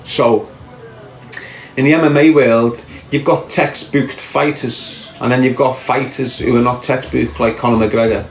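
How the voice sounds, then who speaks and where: A man with a Liverpool accent talks in a loose, rambling way, often tagging his points with rhetorical questions. He sits in a roomy, echoey space with faint music under him. His voice sits at an ordinary middle pitch. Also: steady tone, a little slow. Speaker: podcast host. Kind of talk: casual chat.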